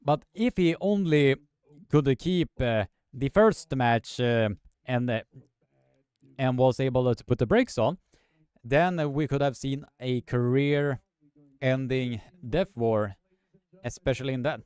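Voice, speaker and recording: Slow, halting male commentator. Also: mid-range voice, a little mellow, clean tone, dry recording. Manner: halting, filler-heavy delivery. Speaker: live stream commentator. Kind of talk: live commentary, chatting with viewers.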